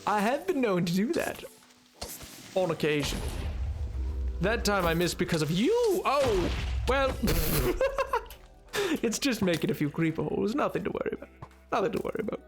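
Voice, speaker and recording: A man playing a genteel, fussy English gentleman in a put-on posh accent, his voice sitting high and light as he keeps up mannered, primly polite remarks through a live game stream. Faint music plays underneath. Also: very animated, moderate pace, long pauses. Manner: prim, mannered phrasing, mild exclamations.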